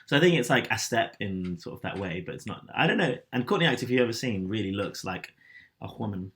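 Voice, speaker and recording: A man co-hosts a casual podcast with a fairly low voice. He asks curious questions and works through his thoughts aloud, often restarting his sentences. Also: lively intonation, fast, a bit bright. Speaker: podcast co-host. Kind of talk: casual chat.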